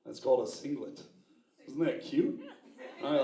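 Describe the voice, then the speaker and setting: A man from the United States doing a live stand-up comedy set, talking loosely and profanely with quick asides to the audience. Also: mid-range voice, mellow. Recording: roomy stage sound, distant mic, audience laughing.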